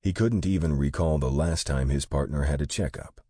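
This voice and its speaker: A man narrating an audiobook in a steady, matter-of-fact way. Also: rumbling low, normal speed, dry recording, clean studio sound.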